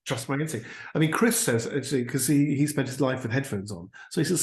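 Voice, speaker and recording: A man, an impressionist, chatting in an animated way in an interview and slipping into brief voices. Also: on the high side, quick pace, vocal fry, few pauses, echoey room. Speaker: impressionist and actor, interview guest. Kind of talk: casual interview chat.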